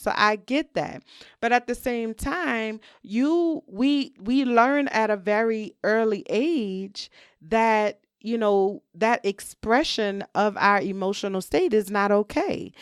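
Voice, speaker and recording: A woman hosting a solo podcast, talking candidly and reflectively in a relaxed conversational way, often saying "you know". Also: mid-range voice, clean tone, no echo, studio quality. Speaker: podcast host.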